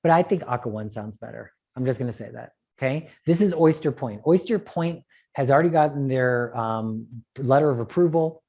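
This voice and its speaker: A man lecturing on eye treatments at a conference, animated and joking, with quick asides. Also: mid-range voice. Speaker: optometrist lecturer.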